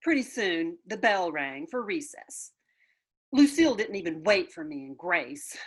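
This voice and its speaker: A woman reading a children's book aloud with playful, expressive storytelling. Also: on the low side, a little slow, breathy edge. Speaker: storybook reader.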